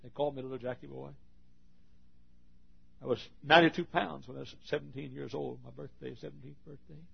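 A middle-aged male pastor preaching an intense sermon, swinging from shouts to hushed, near-quiet passages. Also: medium pitch, fairly even intonation, a little fast, gravelly, highs cut off.

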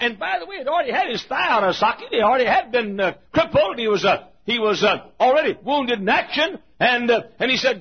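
A man preaching a sermon, telling emotional stories with many repetitions and swings between loud and hushed. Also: extremely high pitch, very animated, brisk, breathy edge. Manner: emotional storytelling with repetitions, shifting volume. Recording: dull lo-fi sermon recording.

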